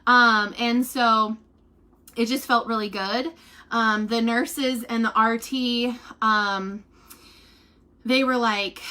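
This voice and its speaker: A young woman talks in a chatty, loose way, with plenty of fillers, and she sounds tired. Her voice sits a little high and carries a bright, forceful edge. She often slips into quick impressions of what others said. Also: fairly even intonation. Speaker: vlogger giving a family update. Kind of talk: casual spoken update.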